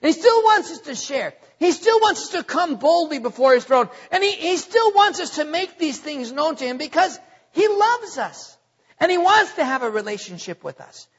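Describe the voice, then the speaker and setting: A man with a very high, bright, husky voice preaches to his congregation, slowing to a crawl on key words and tossing questions out to the room. His pitch leaps around with lively swings. The lo-fi recording carries a long hall reverb. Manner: preaching with call-and-response questions; stretches key words slowly for emphasis. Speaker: pastor. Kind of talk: sermon. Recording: dull lo-fi audio with long reverb.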